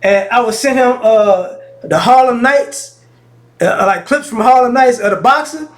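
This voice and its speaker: A man with a notably high speaking voice talks straight to his audience in a casual vlog. He tells stories in a frank, slangy way, often stopping and restarting mid-thought. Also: measured pace. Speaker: vlogger. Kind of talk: casual talking-head monologue.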